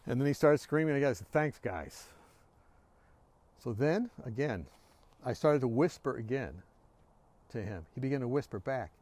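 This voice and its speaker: A man giving an earnest devotional talk, telling a story from his workplace and often dropping to a hushed, quiet voice. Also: medium pitch, fairly quick, no echo. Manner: earnest, sinks to a hushed near-whisper. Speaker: devotional speaker.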